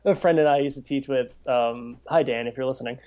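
A man's voice: mid-range voice, fairly quick, darkish tone. A man co-hosting a podcast, chatting casually and stumbling over restarts. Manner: chatty, many restarts and stammers. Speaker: podcast co-host. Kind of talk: casual chat. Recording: dull lo-fi audio.

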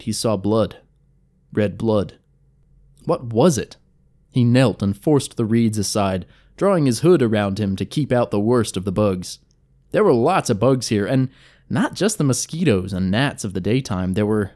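A man reading a dark fantasy story aloud, vivid and wry, with crude asides. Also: mid-range voice. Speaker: storyteller narrating a game recap. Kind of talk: dramatic fantasy story narration.

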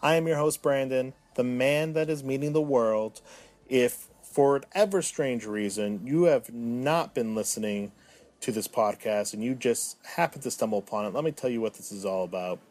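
A man's voice: medium pitch, normal speed, a little mellow. A man in his thirties hosting a solo podcast, hamming up his moods, sliding from self-pitying mumbles to indignant outbursts. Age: 30s. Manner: mock-dramatic, swinging from self-pitying to indignant. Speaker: podcast host.

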